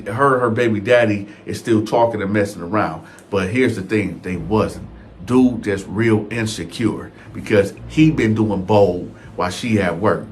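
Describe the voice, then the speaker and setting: A man with a fairly low voice tells a prison story in a casual, slangy storytime style, with slight background noise. He speaks conversationally, straight to his listeners, calling them y'all.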